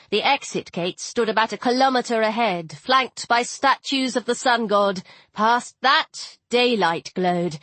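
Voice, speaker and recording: Female audiobook reader, higher voice, wry and lively, dry close booth sound. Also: no room sound. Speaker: audiobook narrator. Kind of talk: scripted first-person audiobook narration.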